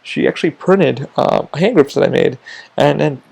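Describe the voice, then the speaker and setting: A man's voice: a little high, animated, normal speed, creaky, a little mellow, slightly rough. A man hosting a podcast, rambling casually with heavy swearing and lots of restarts. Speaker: podcast host.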